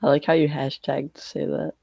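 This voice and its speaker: A man's voice: a little high, level tone, a little fast, creaky, darkish tone, breathy edge, no room sound. A young man streaming a card game, complaining in a whiny, mock-scared way. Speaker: gaming streamer.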